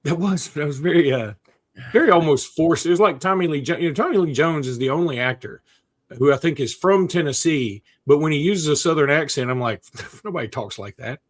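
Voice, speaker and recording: A man co-hosting a sports podcast, chatting in a folksy, animated way and reading an ad. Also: a little high, fairly quick. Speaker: podcast co-host. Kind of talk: casual sports podcast chat with ad read.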